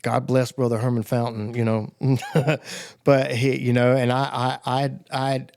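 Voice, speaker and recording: Unhurried and level, his voice is mid-range, smooth and darkish, with vocal fry. He is a Southern US podcast guest casually telling his recovery testimony, wandering as he goes and frequently acting out the voices of those he quotes.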